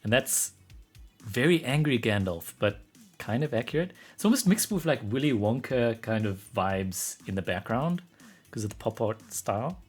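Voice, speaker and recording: A man streaming live as an artist, thinking aloud in casual commentary, getting excited and laughing often. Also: mid-range voice, moderate pace, breathy edge, faint music behind.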